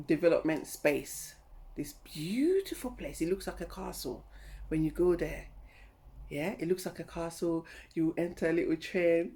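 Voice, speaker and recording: A middle-aged woman vlogging casually about a trip, animated and laughing as she acts out her own reactions. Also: fairly low pitch. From lives in London. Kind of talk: casual travel vlog chat.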